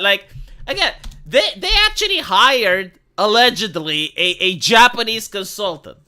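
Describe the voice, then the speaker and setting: A young man hosting a livestream, ranting casually with lots of swearing and big swings in pitch. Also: bright, forceful tone. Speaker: livestream host.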